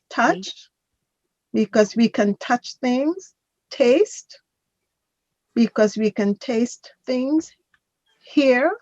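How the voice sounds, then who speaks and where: Slow, patient woman grammar teacher. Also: on the high side, no echo, lo-fi sound. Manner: patient, corrects and drills pronunciation. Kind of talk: online class instruction.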